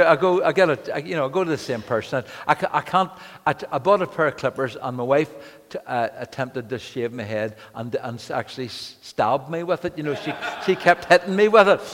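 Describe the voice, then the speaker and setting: Animated male preacher in a reverberant hall. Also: medium pitch. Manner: animated storytelling with frequent restarts and repeated words. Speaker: pastor. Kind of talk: sermon.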